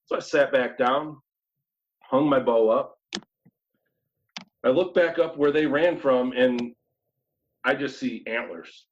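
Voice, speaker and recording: A man from New York State, a guest telling a hunting story in a casual, animated way, acting out his own thoughts. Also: medium pitch, slight background noise. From New York State, USA. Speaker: guest hunter. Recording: slightly dull lo-fi audio.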